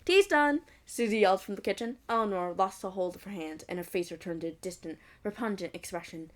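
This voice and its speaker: A woman's voice: lowish voice, steady tone, quick pace. A young woman reading a fan fiction aloud, breaking off into giggly, mocking asides. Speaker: fanfic reader.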